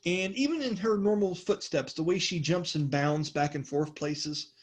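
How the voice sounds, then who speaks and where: A man's voice: on the high side, normal speed. Laughing, rambling male game master. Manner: rambling, laughs often, self-correcting. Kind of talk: narrating a tabletop game.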